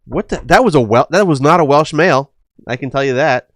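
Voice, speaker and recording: A man's voice: on the high side, fairly quick, fairly bright tone, no room sound, studio quality. A man from the United States hosting a livestream, talking casually in a rambling way with many fillers and swearing. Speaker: livestream host. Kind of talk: casual stream chat.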